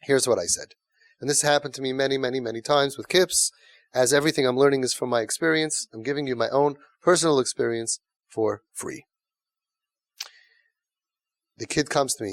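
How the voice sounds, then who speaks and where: A man's voice: medium pitch, a little fast, no room sound, clean studio sound. A man lecturing parents as a parenting coach. He talks emphatically and repeats words for stress. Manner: emphatic, repetitive, animated.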